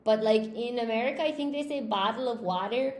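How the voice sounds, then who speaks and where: A woman's voice: a little high, a little fast, roomy sound. An Irish woman teaching English, chatting with students on a video call and asking them questions. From Ireland. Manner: chatty, encouraging, asks questions. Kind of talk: casual conversation class.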